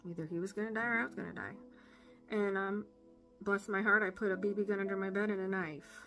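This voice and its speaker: A woman giving an earnest personal faith testimony, halting with fillers and emotional. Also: medium pitch, fairly even intonation, pushed and bright, faint music behind. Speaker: testimony speaker.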